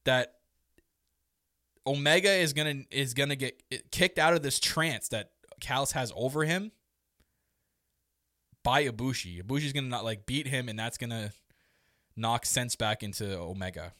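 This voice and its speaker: A man co-hosting a casual podcast chat, excitable and rambling, with quick laughs and restarts. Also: mid-range voice, dry recording, studio quality. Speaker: podcast co-host. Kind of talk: casual wrestling recap chat.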